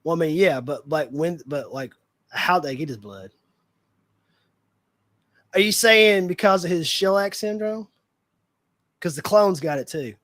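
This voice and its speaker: A man's voice: fairly high pitch, lively intonation, unhurried, long pauses, a bit bright, no echo. A man hosting a livestream in casual fan chat, rambling and leaning on fillers like "like" and "you know.". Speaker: livestream host.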